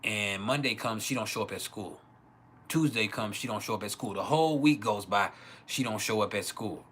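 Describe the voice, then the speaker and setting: Host telling raw stories on a live stream, slightly low and bright, faint room noise. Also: male voice, moderate pace. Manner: crude, laughing often, acts out quoted voices. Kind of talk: casual storytelling. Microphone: home livestream mic.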